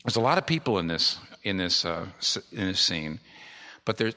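A man's voice: low-pitched, big pitch swings, normal speed, sharp tone. A middle-aged male pastor preaching a sermon with emphatic repetition. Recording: long reverb of a large hall.

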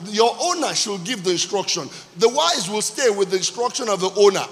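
Pastor guy, high voice, preaching, bursts into shouts, echoey church hall. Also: animated, fairly quick, faint music behind. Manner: preaching with repetition and sudden shouted emphasis. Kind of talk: sermon. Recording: long hall reverb.

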